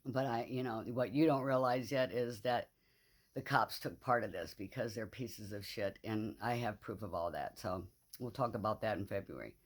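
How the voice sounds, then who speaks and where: A woman's voice: extremely low pitch, normal speed, dry recording. A middle-aged woman in a casual vlog monologue, grieving and angry, rambling bluntly and swearing freely. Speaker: vlogger.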